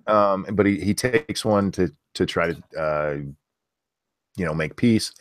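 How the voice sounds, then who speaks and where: A man discussing a movie as a podcast co-host, relaxed and hesitant with fillers and the odd swear. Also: low voice, measured pace.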